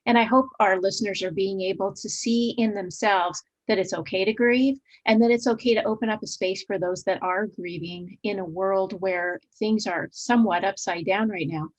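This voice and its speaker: A woman's voice: medium pitch, normal speed, few pauses, rough recording. A woman hosting a podcast interview, asking questions in an encouraging, reflective way. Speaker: podcast host.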